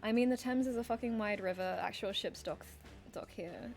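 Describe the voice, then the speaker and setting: A woman's voice: medium pitch, moderate pace, a little mellow, soft background music. A woman from England playing a game on stream, chatty and jokey, with frequent swearing and asides. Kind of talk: casual game commentary.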